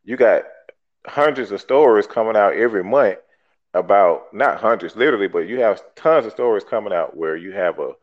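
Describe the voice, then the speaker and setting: A man's voice: lowish voice, lively intonation, fairly quick. A talk show host, arguing emphatically and bluntly, swearing and repeating himself to make his point. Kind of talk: heated call-in debate. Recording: dull lo-fi podcast audio.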